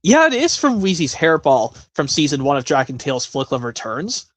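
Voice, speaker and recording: Male streamer, casual and rambling, fairly high voice, dry and close. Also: very animated, normal speed, a bit bright, no echo. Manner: rambling, many self-corrections. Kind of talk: casual live-stream chat.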